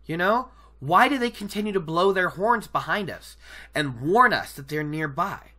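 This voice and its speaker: A clever, self-possessed woman lays out her reasoning in measured questions, quoted by a podcaster. The voice is bright and lively, with plenty of rise and fall. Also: medium pitch. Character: clever, composed woman leader.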